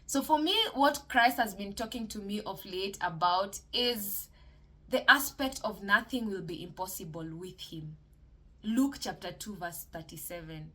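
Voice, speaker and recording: A woman's voice: mid-range voice, unhurried, bright, forceful tone. A woman hosting a solo podcast, talking casually and encouragingly about mental health and faith, with many fillers and restarts. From Kenya.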